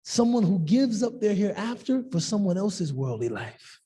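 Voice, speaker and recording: Man, class teacher, animated and joking, husky and gravelly, long hall reverb. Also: high voice, moderate pace. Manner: animated, joking, acts out quoted people. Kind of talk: discussion-based class talk.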